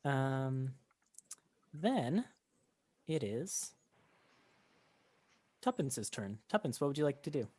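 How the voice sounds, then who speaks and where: A man running a tabletop game as game master, narrating in a relaxed way with lots of fillers. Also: medium pitch, takes it slowly, long pauses.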